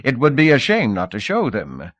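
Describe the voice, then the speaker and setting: A man's voice: mid-range voice, huge pitch swings, moderate pace, fairly bright tone, no echo, pitched above the performer's own voice. A man voicing a nervous, fawning male slave auctioneer who pleads and chants bids. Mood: pleading. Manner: pleading, wheedling, sing-song chanting.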